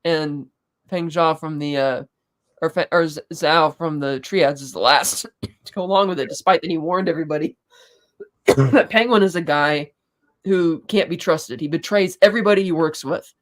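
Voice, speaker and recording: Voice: medium pitch, normal speed. Rambling, profane podcast co-host. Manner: rambling, profane, acts out quotes; frequent fillers and restarts, chuckles. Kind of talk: casual episode recap.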